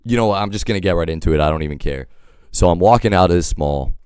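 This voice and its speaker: A man's voice: low voice, quick pace, a little mellow, smooth, dry recording, studio quality. A sick man rambling through a casual storytime monologue, wry and packed with fillers. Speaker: storytelling vlogger.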